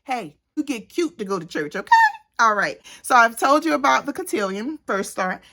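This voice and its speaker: Animated woman vlogger, bright higher voice. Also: normal speed. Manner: animated, preachy, playful, addresses viewers directly. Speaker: beauty vlogger and cosmetics consultant. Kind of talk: casual vlog chat.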